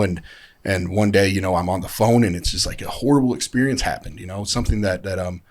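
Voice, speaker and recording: A man in casual podcast talk, telling a heartfelt recovery story in a rambling way with many fillers. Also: lowish voice. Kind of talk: casual chat.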